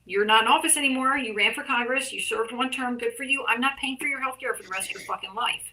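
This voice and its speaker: A woman talks in a bright, forceful voice that sits a little high. She is blunt and emphatic, with frequent swearing as she makes her points. She is a guest chatting casually about her views. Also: fast talker, low-quality recording. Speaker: guest, artist and art teacher. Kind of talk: casual conversation.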